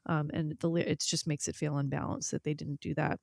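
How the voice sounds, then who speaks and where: A woman co-hosting a music review podcast in casual chat, candid and quick to laugh. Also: deep voice, level tone, gravelly, a little mellow, no room sound, clean studio sound. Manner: candid, laughs easily, blunt opinions. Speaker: podcast co-host reviewing albums.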